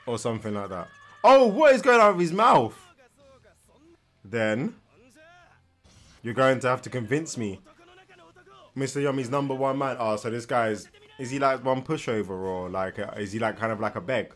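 A young man giving casual, animated reaction commentary while watching, tired and yawning, with slangy asides and frequent repeated words. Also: mid-range voice, normal speed, pauses often, soft background music. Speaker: anime reaction host. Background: faint anime soundtrack.

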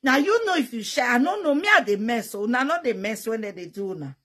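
A young woman with a Nigerian Pidgin English accent, talking frankly and bluntly to her viewers, with loud bursts and sound effects. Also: fairly high pitch, big pitch swings, fairly quick, few pauses, slightly rough. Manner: blunt and teasing. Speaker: vlogger. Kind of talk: frank casual talk to viewers.

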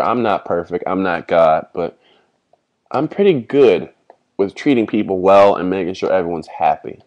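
A man's voice: low voice, a little mellow. A young man vlogging a rambling, heartfelt apology, swearing freely as he talks. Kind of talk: personal apology vlog.

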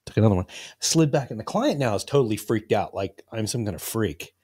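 A man's voice: fairly low pitch, lively intonation, fairly quick, darkish tone, breathy edge, no room sound, studio quality. A man co-hosting a podcast, telling a long, rambling, profane anecdote in casual chat and acting out the quotes. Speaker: podcast co-host. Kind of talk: casual storytelling.

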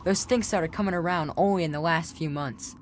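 A woman's voice: on the low side, fairly quick, slight background noise, lightly acted. A woman voicing a frightened young boy in a video game, pleading and whining for help. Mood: explaining. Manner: scared, whiny, breathless pleading.

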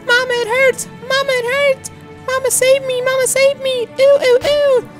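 A man's voice: very high voice, little pitch movement, normal speed, music in the background, pitched above the performer's own voice. A man voicing a whiny, hyperactive little girl in a visual novel, squealing and repeating childish noises. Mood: crying.

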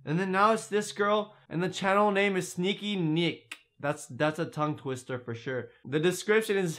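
Male reaction host, casual commentary, exasperated, bright forceful tone. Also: high-pitched, normal speed, few pauses. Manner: exasperated, exclaiming, swearing.

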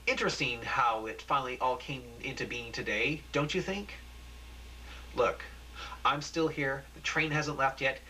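A man's voice: mid-range voice, a little slow, pushed and bright, a little hiss or hum, poor audio. A man voicing a zealous male TV preacher who pleads and preaches with urgency in a raised voice. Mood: preachy.

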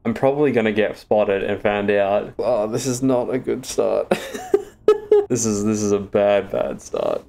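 Jittery Australian man, low voice. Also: expressive, measured pace, gravelly, mellow. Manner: jittery, swearing, nervous laughter. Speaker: streamer. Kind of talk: gaming commentary.

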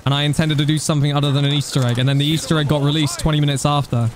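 A young man streaming a game, chatting casually and thanking donors, getting excited at times. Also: on the high side, racing, a little hiss or hum. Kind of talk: casual live-stream chat.

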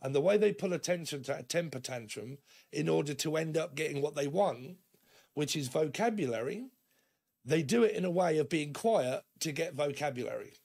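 Gravelly man reading tarot. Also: a little high, lively intonation, normal speed, darkish tone. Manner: rambling and chatty, often laughing; acts out imagined dialogues in shifting voices. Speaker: tarot reader.

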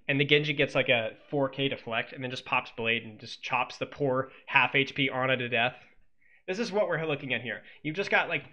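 A man coaching as he analyzes a match replay, animated and exclamatory, often talking straight to his viewers. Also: medium pitch, muffled recording. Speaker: esports coach. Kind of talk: game replay analysis commentary.

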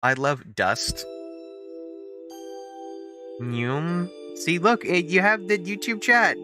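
A man's voice: high-pitched, very animated, takes it slowly, pauses often. A man streaming a video game live, chatting and joking as he reads game text aloud. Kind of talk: live gameplay commentary. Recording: game music behind the voice.

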